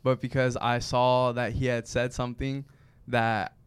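A man's voice: mid-range voice, little pitch movement, a little slow, clean tone, no room sound. A young man co-hosting a podcast in casual chat, hesitant and restarting his sentences.

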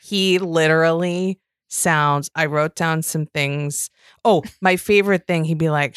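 A woman's voice: sits low, unhurried, clean tone, no echo, studio quality. Giggly, swearing woman podcast co-host. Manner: animated, giggly, swears freely. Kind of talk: casual chat about reality TV.

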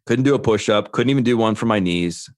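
Guy in his 30s on a podcast, lowish voice, dry close mic, earnest and candid, acts out the people he quotes. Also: brisk, no echo. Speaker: podcast guest. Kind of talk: candid storytelling.

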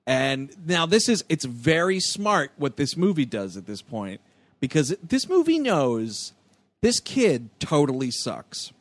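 A man co-hosting a casual podcast, excitedly recapping a movie, laughing and acting out lines. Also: on the high side, slow pace, no room sound. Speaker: podcast co-host.

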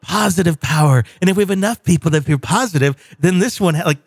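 A man's voice: high-pitched, fast, creaky, slightly rough, no room sound. Wry rambling male host, dry sound. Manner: wry, rambling, with many fillers. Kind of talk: casual chat.

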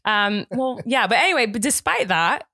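A woman's voice: fairly high pitch, expressive, moderate pace, bright, forceful tone, no echo. American woman, podcast host, playful and giggly, dry close sound. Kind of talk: casual podcast chat.

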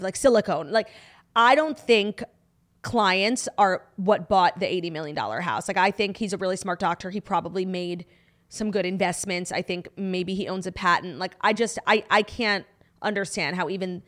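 A woman's voice: medium pitch, moderate pace, fairly bright tone. A woman co-hosting a podcast, talking frankly and animatedly in casual chat, with casual swearing. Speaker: podcast co-host.

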